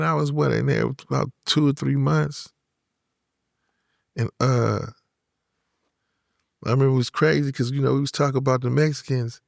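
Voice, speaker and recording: A guest rapper in his fifties from Oakland, California, with a Bay Area accent, speaks in a medium-pitched, creaky voice on a dry, clean studio recording. He tells laid-back stories, full of "you know what I'm saying" and acted-out voices.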